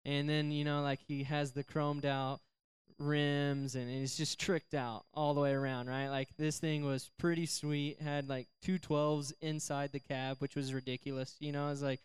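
A man's voice: on the high side, flat delivery, normal speed, smooth. A young adult man giving a casual youth sermon, chatty and joking as he tells a story to a live group in a church service. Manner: chatty, joking, slips into silly voices for characters. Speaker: youth pastor.

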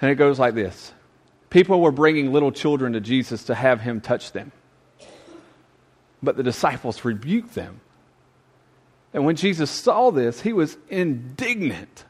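A man's voice: mid-range voice, expressive, a little slow, pauses often, husky. A man preaching a youth sermon, conversational and emphatic with folksy asides.

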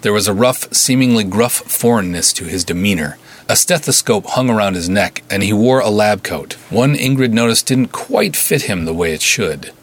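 A man reads a pulp action serial aloud, measured and vivid in his delivery. His voice sits very low with a husky, slightly breathy grain. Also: lively intonation. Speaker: writer and narrator. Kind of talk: dramatic serial story narration.

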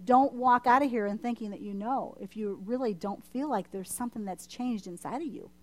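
A woman delivers a church sermon with a fairly high voice. She preaches with passion, hammering her points home through emphatic repetition. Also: brisk, darkish tone. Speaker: church speaker. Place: church service.

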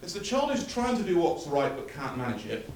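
A preacher's sermon builds with emphatic repetition, heard from far off in an echoey church hall. He sounds a little high and mellow, brisk and sing-song, with slight background noise behind him.

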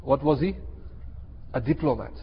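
A man, giving an animated sermon and acting out the people in his story. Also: medium pitch, moderate pace, slight background noise. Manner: animated, acts out characters in a story. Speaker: Islamic teacher. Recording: dull echoey hall.

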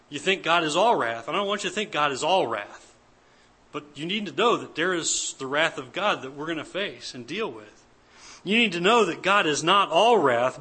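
A man's voice: a little high, sharp tone, husky. A man preaching an earnest, emphatic church sermon as pastor, repeating his key points. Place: church service.

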